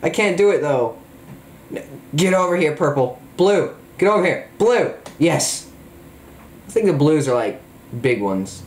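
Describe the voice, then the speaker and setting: Hyped gamer dude yelling at the screen, pitch jumping all over, kinda echoey room. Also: male voice, a little slow, pauses often, slight background noise. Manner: excitable, exclamatory, jokey. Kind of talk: excited gameplay commentary.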